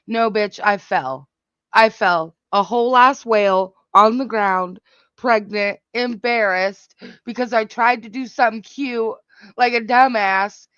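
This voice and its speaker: Woman host, casual reaction chat, giggly, slow talk, muffled lo-fi audio. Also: a little high, fairly bright tone, clear, resonant tone, no echo. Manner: giggly, profane, exclamatory. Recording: dull, dry lo-fi sound.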